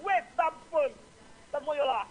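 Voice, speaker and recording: A man's voice: very high voice, moderate pace, slight background noise, poor audio. A man with a Saint Lucian accent, calling in to a talk show and ranting angrily and repetitively about politics. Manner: angry, insulting, repetitive. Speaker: caller. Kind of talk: political rant on a call-in show.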